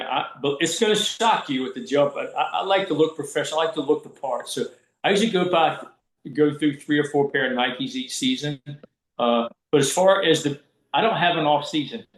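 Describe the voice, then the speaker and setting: With a fairly high, brisk voice, a college basketball referee from Southwest Virginia animatedly swaps stories in a casual podcast chat, doing the voices of people he quotes. The sound is reverberant and low quality.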